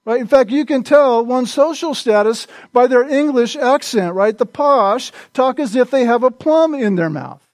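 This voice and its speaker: A man with a notably high voice delivers a Bible-teaching sermon. He talks conversationally and keeps tossing in a questioning "right?" to his listeners. The sound is close and dry, with no room echo. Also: moderate pace. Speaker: preacher.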